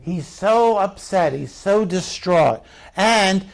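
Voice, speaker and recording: Middle-aged male pastor, gravelly, higher pitch, chatty sermon delivery. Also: expressive, takes it slowly. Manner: conversational preaching with rhetorical questions to the congregation.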